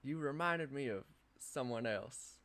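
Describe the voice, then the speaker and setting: A man's voice: mid-range voice, lively intonation, measured pace, a bit bright. A man playing a shaky, threatening gunman. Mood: nervous menace. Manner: threatening but shaky, stammering. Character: nervous armed man, menacing yet quivering.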